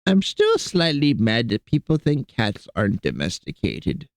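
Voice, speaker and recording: A man's voice: mid-range voice, wildly swooping pitch, unhurried, no room sound. Chatty young man streaming from home. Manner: rambling, joking, chatting to his cats. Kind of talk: casual live-stream chat. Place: home computer desk.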